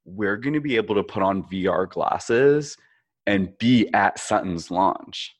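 A man's voice: fairly low pitch, expressive, a little slow. A man co-hosting a podcast, chatting loosely about a reality show, laughing often and swearing casually. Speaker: podcast co-host.

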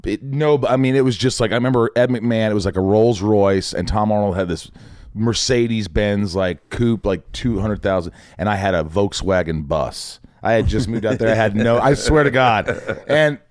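Recorded with clean studio sound and no echo, a middle-aged actor from Indiana chats casually as a podcast guest. His voice is on the low side at a normal speed, and he animatedly voices the other characters in his anecdotes.

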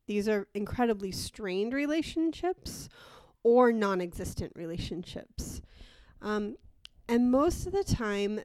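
A woman's voice: mid-range voice, darkish tone, clear, resonant tone, no echo. Stuffed-up nasal woman podcaster. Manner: earnest, with frequent ums and restarts. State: stuffed-up nose from a cold. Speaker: podcast host. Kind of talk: casual solo podcast talk.

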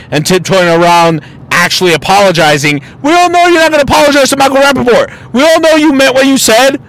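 Podcast host, male, high voice, blunt and profane opinion monologue. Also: lively intonation, fast talker, fairly bright tone, low-quality recording.

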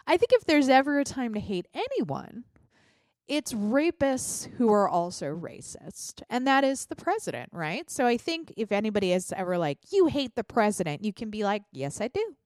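Lively, chatty woman with a stuffy voice. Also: on the high side, moderate pace, dry recording, clean studio sound. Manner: chatty and blunt, slips into mock voices. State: congested from a sinus infection. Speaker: podcast host. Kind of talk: solo political podcast commentary.

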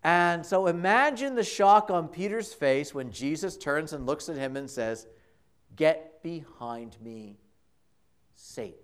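A man's voice: a little high, moderate pace, hardly any pauses, smooth. A man preaching a homily in a church, telling the story conversationally and dramatically, with emphatic repetition. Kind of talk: sermon. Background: congregation.

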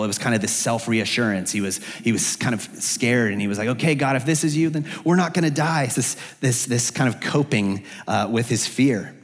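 A man preaching an expository sermon in a church, earnest and searching, lifting his voice when he speaks the prophet's prayers aloud. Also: on the low side. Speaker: pastor. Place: church sanctuary. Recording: long hall reverb.

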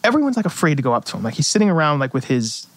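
A man's voice: a little high, no room sound. A man hosting a podcast, telling stories in a casual chat full of fillers. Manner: fast, animated storytelling with lots of fillers. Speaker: podcast host.

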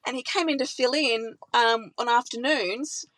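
A woman's voice: a little high, moderate pace, fairly bright tone, dry recording, poor audio. A woman who works as a radio presenter, talking with enthusiasm in a conversational interview. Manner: enthusiastic, emotional.

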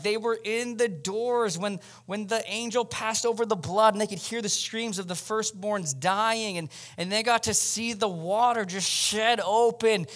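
A man's voice: sits high, fairly bright tone. A male pastor preaching a sermon at a church service in a conversational style, speaking directly to the congregation.

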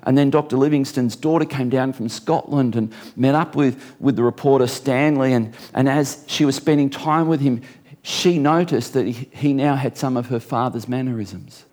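A middle-aged male pastor delivers a sermon in an easy, conversational voice. He leans on repetition to drive points home and slips in dry, self-mocking jokes. His pitch sits right in the everyday middle for a man. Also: normal speed, a little mellow. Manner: conversational preaching with wry humor and repeated phrases.

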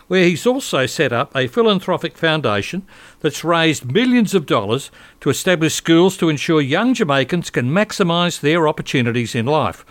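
A man presenting a scripted introduction to an interview, reading in a measured way. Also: on the high side, no room sound. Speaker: radio presenter.

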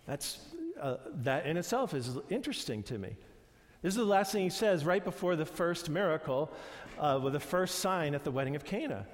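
A man gives a sermon in a loose, chatty way, stopping to restart his sentences and throwing himself into the voices of the people he retells. His voice sits a little high for a man. A long reverb trails after his words, as if the room were a large hall. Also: moderate pace. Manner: conversational, animated retellings with many fillers and restarts. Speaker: pastor.

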